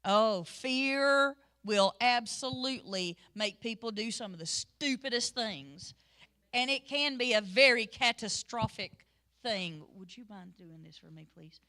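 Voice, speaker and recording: A middle-aged woman teaching Sunday school in a sermon style, telling stories in a lively way that swings between loud and soft. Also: on the high side, measured pace.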